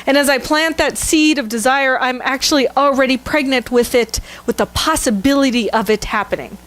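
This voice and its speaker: High-voiced woman minister telling a story. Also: normal speed, fairly bright tone. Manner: candid, self-mocking storytelling with laughter. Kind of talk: sermon. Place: church sanctuary.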